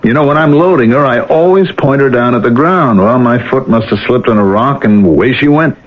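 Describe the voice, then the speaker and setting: An actor playing a tormented middle-aged ex-convict who broods and breaks into shouts, in a 1970s radio drama. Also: male voice, medium pitch, fairly quick, close to an everyday voice. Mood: casual. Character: haunted ex-convict man, tormented, tense. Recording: tinny old radio broadcast with faint hiss.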